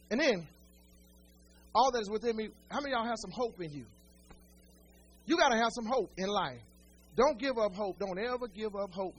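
A man with a strikingly high voice preaches a sermon to his congregation. He mixes homely humor with repeated, building phrases and calls out to the church directly. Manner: folksy humor and stories. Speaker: pastor.

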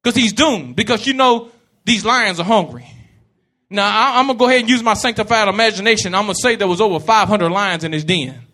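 Brief: male preacher, very high voice, bright and forceful, shouts in repeating rhythmic bursts. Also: fairly quick. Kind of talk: sermon.

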